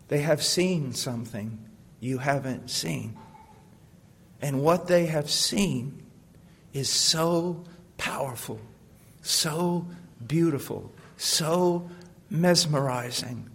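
A man preaching a sermon with passion, asking rhetorical questions and swinging from hushed tones to loud ones. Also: on the high side, slightly rough. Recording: long hall reverb.

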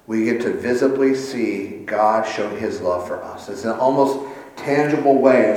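A man's voice: mid-range voice, darkish tone. Guy giving a sermon, earnest, gets worked up, really echoey church room. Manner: earnest preaching, rising in intensity, light self-deprecating asides. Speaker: pastor. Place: church sanctuary.

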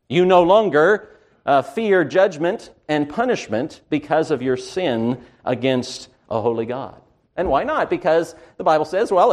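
A man preaching a sermon with emphasis, who slows down to stress key words and often pauses on "uh". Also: fairly high pitch.

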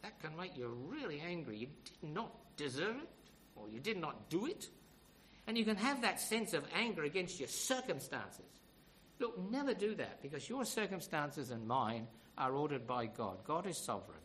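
A man's voice: fairly high pitch, very animated, moderate pace, fairly bright tone, slight background noise, poor audio. A man preaching a sermon in an emphatic, storytelling way, with frequent rhetorical questions to the congregation.

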